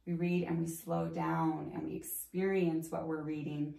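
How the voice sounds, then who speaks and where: Woman guest, chatty and informal, lower voice with fry, recorded a bit far off in an echoey room. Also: level tone, moderate pace, dark tone. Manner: chatty, many "like" fillers, acts out her own past thoughts. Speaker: guest, Reiki practitioner. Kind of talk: casual conversational interview. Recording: roomy, slightly distant mic.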